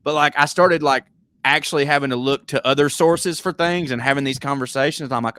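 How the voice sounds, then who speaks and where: Man, Southern American accent, podcast co-host, swears a lot, animated storytelling, dry close mic. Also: mid-range voice, fairly quick, clear, resonant tone, no room sound. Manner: profane, storytelling, animated tangents. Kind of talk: casual comedic chat.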